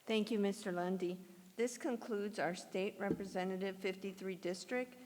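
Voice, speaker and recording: A woman's voice: mid-range voice, moderate pace, a little mellow. Female announcer, formal, far off, hall reverb. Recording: distant, long hall reverb.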